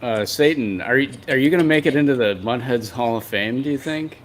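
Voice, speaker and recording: A man in a casual chat who talks in a slow, easygoing way. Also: mid-range voice.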